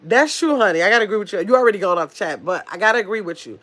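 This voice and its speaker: A woman in her fifties with a nasal voice, hosting a casual livestream, talking very fast and bluntly while reading chat comments. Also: medium pitch, animated, fairly bright tone. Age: 50s. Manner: talks very fast, blunt and chatty. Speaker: livestream host.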